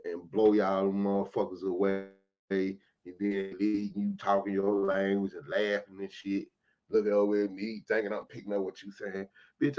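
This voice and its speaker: A man's voice: on the low side, a little mellow, dull audio. A man ranting in a heated, profane commentary for his vlog, cursing often and stressing his points. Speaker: vlogger commentator.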